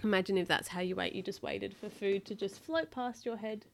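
A woman's voice: mid-range voice, a little fast, vocal fry. A woman reading a storybook aloud to a child, with patient, chatty asides between pages.

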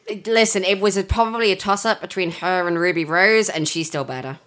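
A woman's voice: fairly low pitch, fairly quick, fairly bright tone. A woman co-hosting a podcast, making emphatic, wry points in casual chat and laughing often. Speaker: podcast co-host.

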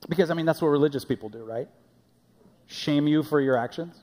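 A man's voice: a little high, brisk, darkish tone, in a large hall. A man preaching a sermon in a conversational way, often repeating his words as he goes. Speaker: pastor. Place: church sanctuary.

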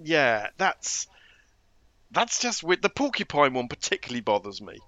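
A man co-hosting a casual podcast chat, animated and often stumbling over repeated words. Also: on the high side, normal speed, a loud crowd. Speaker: podcast co-host.

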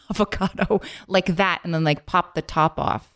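A woman co-hosting a podcast, talking quickly and casually with lots of filler words. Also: fairly low pitch, steady tone, fairly bright tone. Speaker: podcast co-host.

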